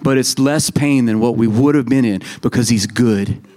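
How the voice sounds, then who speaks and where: A man's voice: medium pitch, normal speed, mellow. A man in his thirties preaching a sermon in a conversational way, telling stories and acting out quoted voices. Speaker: pastor.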